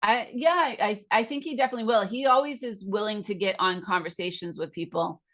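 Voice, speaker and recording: A woman's voice: mid-range voice, a little fast, fairly bright tone. An American woman who teaches English, explaining things in an enthusiastic, chatty way during a casual video call conversation. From United States.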